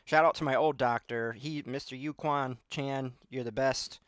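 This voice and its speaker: A man's voice: medium pitch, fairly even intonation, moderate pace, a bit bright, clean tone, no room sound. Podcast host guy just chatting, rambly, lots of ums and likes, jokes about himself, dry sound. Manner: rambling, self-deprecating, lots of fillers. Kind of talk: casual chat.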